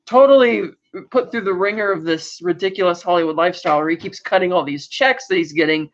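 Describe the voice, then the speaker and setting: A podcast co-host with a high, fairly bright voice talks fast while casually recapping an episode. His speech rambles, full of "like" and restarts, and the recording has a dull, lo-fi quality.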